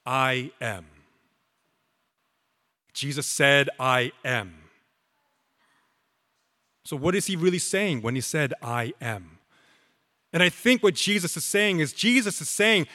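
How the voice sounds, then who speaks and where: Pastor, male, slow emphatic sermon delivery, bright tense tone, reverberant hall. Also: on the high side. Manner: slow, emphatic preaching with dramatic pauses.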